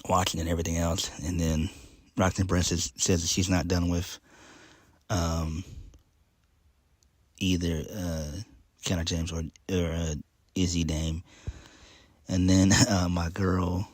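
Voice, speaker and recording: A man's voice: low-pitched, little pitch movement, measured pace, long pauses, no echo. A man casually recapping a wrestling show, rambling with many ums and uhs in a laid-back way.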